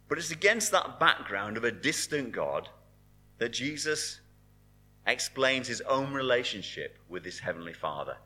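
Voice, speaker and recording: A man delivering a sermon in an earnest preaching manner, dropping his voice softly on key words. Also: medium pitch, big pitch swings, normal speed.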